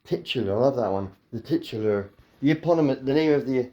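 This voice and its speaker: A man's voice: mid-range voice, animated, fast talker, warm tone. A man rambling through silly improvised wordplay at home as a comedian, his mouth a bit dry. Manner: playful, silly wordplay, slips into daft voices.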